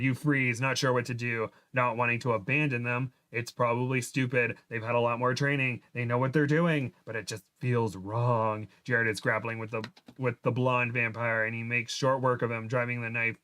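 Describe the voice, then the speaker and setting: A man's voice: medium pitch, bright, forceful tone. A man reads a fan story aloud to a livestream audience in a mid-range voice. His delivery is loose and amused. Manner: amused, breaks into laughter while reading. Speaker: guest reader.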